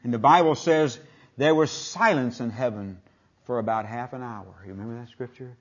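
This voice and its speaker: An older male preacher delivers a sermon in a folksy, storytelling way. His voice swells to booming proclamations and falls back to hushed, near-whispered lines. The recording is dull and lo-fi. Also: moderate pace. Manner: folksy, retells scripture in plain speech.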